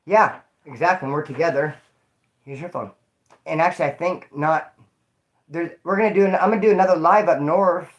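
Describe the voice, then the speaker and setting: Brief: young Northern California guy, higher-pitched, rambling and cussing through a livestream story. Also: fairly bright tone. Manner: rambling, slangy and profane.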